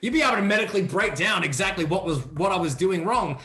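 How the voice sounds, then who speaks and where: A man who is a singer and former wrestler, telling stories as an interview guest in a theatrical way and breaking into loud shouted calls, heard over a video call. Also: sits high, lively intonation, quick pace, roomy sound. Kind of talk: animated storytelling in an interview.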